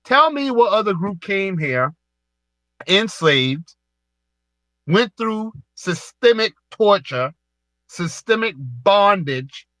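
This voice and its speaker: Forceful high-voiced Southern man. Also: big pitch swings, slow pace, long pauses, no room sound. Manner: forceful, emphatic, repeats himself. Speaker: host of an online audio space. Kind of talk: heated live debate, lecturing a caller.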